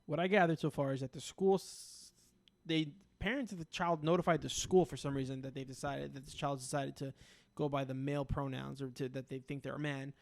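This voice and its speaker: A man's voice: medium pitch, steady tone, a little fast, creaky, darkish tone. A man co-hosting a podcast, reading news aloud and chatting bluntly with jokes and swearing. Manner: blunt, joking, swears freely. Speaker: podcast co-host.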